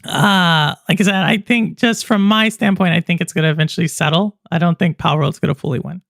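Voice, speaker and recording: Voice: mid-range voice, fairly quick, vocal fry, a bit bright, dry recording, clean studio sound. A podcast host in casual chat about gaming news, rambling and answering viewers in the live chat. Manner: chatty and rambling, many fillers and asides to chat viewers.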